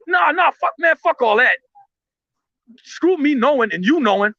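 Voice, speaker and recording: A man's voice: very high-pitched, animated, a little slow, bright, forceful tone, no echo, highs cut off. A man speaking in heated, blunt commentary, profane and impassioned, often restarting his sentences.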